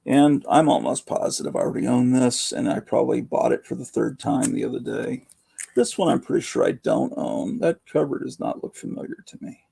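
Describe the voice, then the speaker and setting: A hoarse man in his fifties hosting a rambling, casual late-night livestream from home, keeping his voice down. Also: mid-range voice, very animated, brisk, mellow. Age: 50s. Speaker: livestream host.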